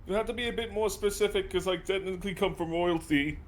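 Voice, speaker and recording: A man's voice: high-pitched, fast talker, a little hiss or hum. A man joking casually while playing a tabletop game. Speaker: player.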